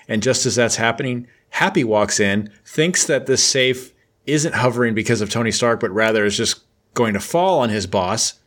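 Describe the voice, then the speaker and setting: A man's voice: mid-range voice, fairly bright tone. A man casually retelling a comic book plot as a host, in a mid-range voice. His delivery is joking and sarcastic, with loose conversational storytelling.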